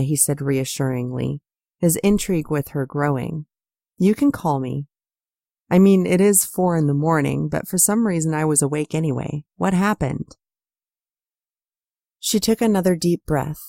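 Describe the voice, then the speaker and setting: A woman narrating her own novel as an audiobook, reading the dialogue softly and evenly. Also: sits low, moderate pace, creaky, no echo, studio quality.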